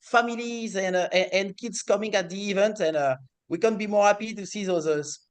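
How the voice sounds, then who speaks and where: French-accented man, high voice. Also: clean tone. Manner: halting, many fillers and restarts. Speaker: racing series president. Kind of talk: interview answers.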